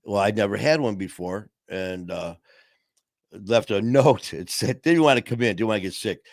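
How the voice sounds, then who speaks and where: A man's voice: fairly low pitch, moderate pace, gravelly, no echo, studio quality. A middle-aged man hosting a podcast, telling stories in casual chat and laughing often. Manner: storytelling, laughs often, acts out voices in anecdotes. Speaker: podcast host.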